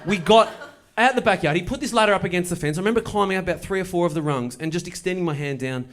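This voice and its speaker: A man's voice: high voice, rapid-fire. Wry man telling a story on stage. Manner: wry, deadpan delivery with playful asides. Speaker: stand-up comedian. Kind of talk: stand-up storytelling. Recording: live show with audible noise. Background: audience laughter.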